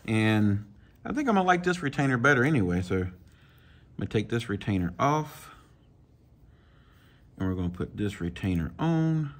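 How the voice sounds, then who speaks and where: A man, casually talking viewers through swapping a reel handle, folksy and relaxed as he works. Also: fairly low pitch, moderate pace, pauses often. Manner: relaxed, talks to himself while working, folksy. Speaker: fishing channel host. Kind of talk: casual hands-on tutorial.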